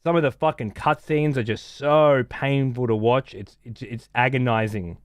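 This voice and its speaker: A man's voice: medium pitch, moderate pace, no echo, clean studio sound. A man ranting casually as a streamer, sarcastic, profane and exasperated.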